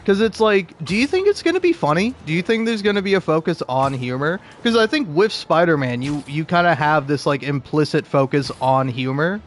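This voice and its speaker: A man's voice: on the high side, normal speed, hardly any pauses, slight background noise. A young man talking casually about video games, rambling with lots of fillers and frequent laughs. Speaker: video game commentator.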